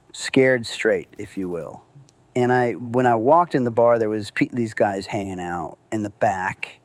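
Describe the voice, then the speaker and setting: A man's voice: lowish voice, darkish tone, no room sound. A man telling a true story from his own life in a loose, casual way, swearing and acting out what people said. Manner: loose and conversational, many fillers, swears, acts out quotes.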